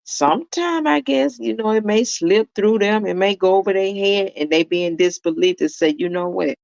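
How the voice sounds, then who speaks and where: A woman's voice: mid-range voice, normal speed, vocal fry, darkish tone, dry recording, lo-fi sound. A woman commentator telling a story in a casual way, speaking straight to her viewers. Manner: talks straight to viewers, calling them y'all. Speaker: commentator reacting to a video.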